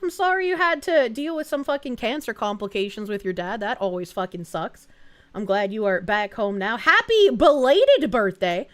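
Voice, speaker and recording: Woman streamer, high animated voice, excitable and profane, casual live chat. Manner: excitable, profane, quick reactions with frequent laughs. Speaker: VTuber streamer.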